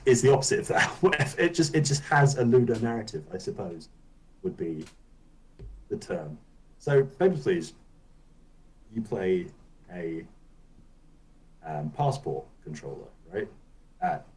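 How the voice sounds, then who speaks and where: A man with a deep, low-pitched voice co-hosts a gaming podcast. He talks in a loose, rambling way and swears casually as he explains things. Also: big pitch swings, slow, pauses often, darkish tone, rough recording. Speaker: podcast co-host.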